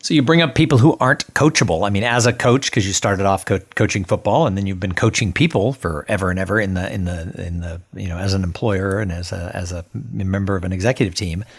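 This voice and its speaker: A man hosting an interview podcast, asking questions and chatting in a relaxed way. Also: sits low, fast, few pauses, breathy edge. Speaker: podcast host. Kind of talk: conversational interview.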